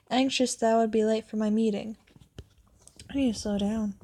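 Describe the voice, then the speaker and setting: A woman's voice: a little high, fairly even intonation, normal speed, warm tone. A young woman reading an online story aloud, often stumbling and correcting herself. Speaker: story reader.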